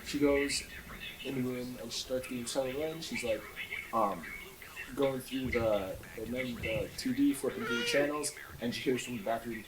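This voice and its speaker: A man's voice: mid-range voice, normal speed, far from the mic, background noise. A man playing a video game who tells a long, rambling joke, circling back and restarting his sentences. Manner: meandering, full of fillers and restarts. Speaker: let's play gamer. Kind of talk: rambling joke-telling over gameplay.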